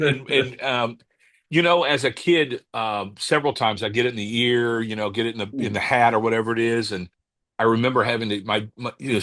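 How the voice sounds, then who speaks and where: A man, a cigar company owner and podcast guest, telling stories in a casual interview, halting and restarting as he searches for words. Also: medium pitch, no echo. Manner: calm, unhurried anecdote telling.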